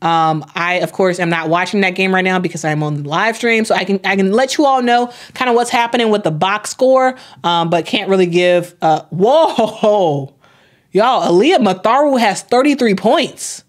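Young woman host, casual stream chatter, mid pitch, repeats words, lots of ums. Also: moderate pace, few pauses. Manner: chatty, repeats words, many fillers, reads chat aloud. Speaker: host of a sports live stream. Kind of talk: casual live-stream chat.

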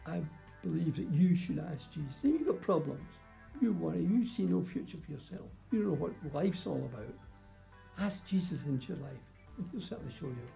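Older guy, gravelly dark voice, earnest testimony, restarts a lot. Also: a little high, expressive, fairly quick, soft background music. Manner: plain, earnest storytelling with restarts. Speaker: testimony speaker. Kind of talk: personal testimony.

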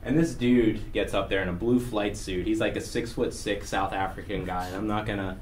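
In an art gallery, a man gives a humorous storytelling presentation on photography, spinning wry tales and laughing through them. His voice is on the low side, fairly quick and fairly even in intonation, recorded in a noisy room.

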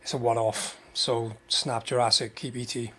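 A man on a livestream panel, calmly weighing his opinion in casual chat. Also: mid-range voice, a crowd in the background. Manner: measured, weighing options.

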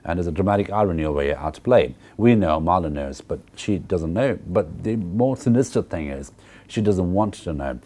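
A man's voice: sits low, expressive, moderate pace, mellow, a little hiss or hum. A man lecturing on a novel in a university course. He explains step by step, often checks in with "okay" and "right", and uses many fillers and repeated words. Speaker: literature lecturer.

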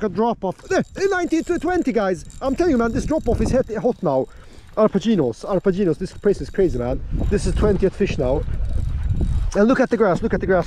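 A high-pitched man chats eagerly to his viewers while fishing from a small boat out on open water. His talk is hyped and playful throughout. Water and motor noise sit clearly behind his voice. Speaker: fishing vlogger. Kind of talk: excited on-the-water commentary.

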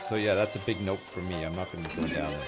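A man's voice: low-pitched, fast, loud music behind the voice. A man streaming a survival game live, chatting to his viewers in a joking, self-mocking way and swearing freely. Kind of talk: live gameplay chat.

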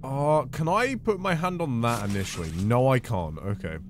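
A man commentating a horror game playthrough, swinging from quiet muttering to panicked shouts. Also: mid-range voice, animated, normal speed, a little hiss or hum. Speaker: gaming video host.

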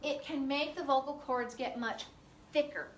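A woman's voice: high voice, moderate pace. A middle-aged woman teaching a physiology class, chatty and loose, with lots of fillers. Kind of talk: classroom lecture. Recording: echoey classroom from far off, faint noise.

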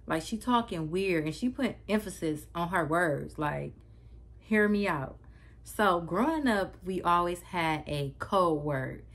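A woman's voice: lowish voice, animated, a little slow, a bit bright. Brief: a woman vlogger on a storytime video, dramatic and slangy, speaking straight to her viewers. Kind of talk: storytime vlog.

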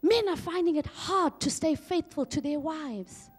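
A woman from South Africa preaching a sermon, swinging from loud exhortation to hushed asides. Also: high-pitched, unhurried, faint music behind. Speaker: pastor.

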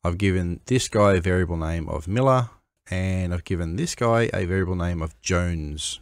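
A man making a game-editing tutorial, explaining in a measured, step-by-step way with pauses. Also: deep voice, no room sound, studio quality. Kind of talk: screen-recorded software tutorial.

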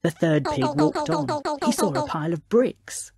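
A woman narrating a children's storybook in a lively, expressive reading. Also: medium pitch, unhurried, gravelly, few pauses, over loud music.

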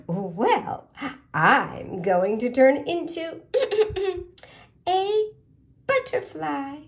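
A woman doing a squeaky boastful caterpillar girl. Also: big pitch swings, very slow, full character voice. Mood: proud. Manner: singsong, self-important announcing. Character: eager boastful young female caterpillar.

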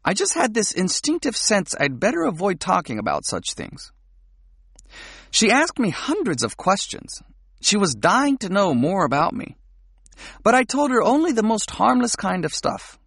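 An audiobook narrator with a husky, gravelly voice tells the story in an intimate first-person way. The pitch moves a lot from line to line. The sound is dry and close. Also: sing-song, normal speed, a bit bright, no room sound.

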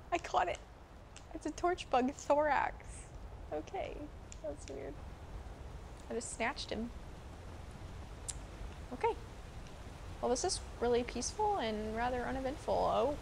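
A woman's voice: high voice, lively intonation, slow, vocal fry, long pauses, noisy background. Bubbly chatty young woman gaming. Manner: bubbly, chatty, exclaims often. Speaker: gamer playing a first playthrough. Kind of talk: casual gameplay commentary. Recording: game music playing behind.

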